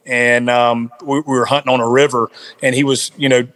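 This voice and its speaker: A man who is a podcast guest, telling a hunting story in a casual, animated way and often repeating words. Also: medium pitch, normal speed. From South Carolina. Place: home, on a remote call.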